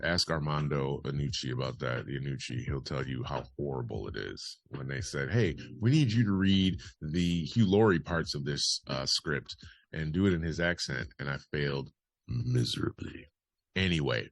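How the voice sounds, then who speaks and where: A man's voice: extremely low pitch, expressive, normal speed, creaky, no echo. A man hosting a casual news podcast, reading headlines and adding wry, chatty asides. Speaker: podcast host.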